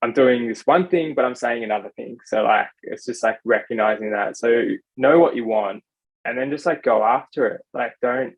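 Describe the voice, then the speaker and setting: A man's voice: mid-range voice, moderate pace. A young man and podcast guest, talking casually with lots of "like" fillers. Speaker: podcast guest, software developer. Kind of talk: casual chat. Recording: slightly dull lo-fi sound.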